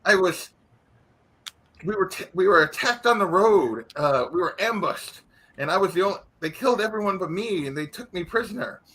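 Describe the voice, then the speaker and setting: A man's voice: high voice, expressive, moderate pace, bright, forceful tone, a little hiss or hum, pitched above the performer's own voice. A man voicing a determined young noblewoman who speaks urgently and demands things.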